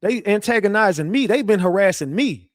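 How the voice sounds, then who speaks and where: A man rants casually on a livestream, defensive and boastful, swearing a lot and speaking straight to his chat with many repetitive restarts. His voice is high, animated and profane, and fairly quick. The recording is dry and studio quality.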